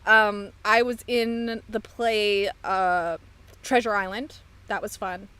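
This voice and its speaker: A woman's voice: medium pitch, fairly even intonation, slow pace, bright, forceful tone, clear, resonant tone. A woman hosting a podcast in casual chat, talking in a chatty, rambling way and laughing easily. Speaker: podcast host.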